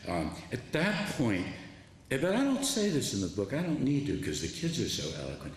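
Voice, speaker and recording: A man's voice: medium pitch, moderate pace. Older man telling stories in an echoey hall. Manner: animated storyteller, quoting students, frequent restarts. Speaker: author giving a talk. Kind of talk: public lecture storytelling. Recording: echoey hall with faint noise.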